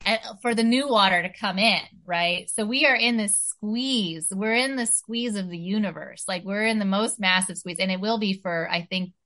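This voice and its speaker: A woman's voice: medium pitch, moderate pace, hardly any pauses, sharp tone. A woman talking earnestly in a casual spiritual chat, full of "you know" and "like".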